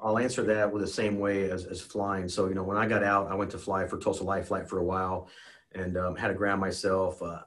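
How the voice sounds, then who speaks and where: A retired American helicopter pilot telling a war story as a podcast guest, earnest and emotional, with many restarts and "you know"s. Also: male voice, low voice, fairly bright tone. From United States. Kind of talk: casual spoken storytelling.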